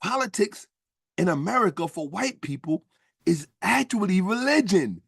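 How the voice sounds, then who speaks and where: A man's voice: high-pitched, very animated, moderate pace, gravelly, a bit bright, husky, dry recording, studio quality, full character voice. A man voicing a cocky little male bird who hurls crude insults in a taunting way.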